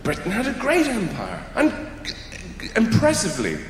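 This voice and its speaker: Wry comedian in an echoey hall. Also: male voice, sits high, huge pitch swings, moderate pace, a little hiss or hum. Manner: wry, rambling delivery with put-on voices. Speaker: stand-up comedian. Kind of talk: stand-up routine. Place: comedy venue stage. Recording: echoey hall with audience laughter. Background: audience laughter.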